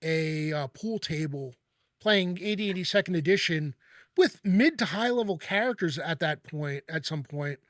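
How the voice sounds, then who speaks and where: Halting man with a fairly high, dry voice. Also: lively intonation, no echo. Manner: halting, many restarts and repeated words. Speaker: host. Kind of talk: casual chat.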